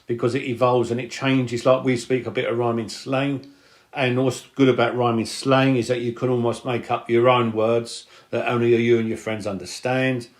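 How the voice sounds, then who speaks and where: A man's voice: medium pitch, level tone, normal speed. A man with a London working-class accent, hosting a podcast in casual conversation, earnest and reflective, often agreeing. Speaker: podcast host.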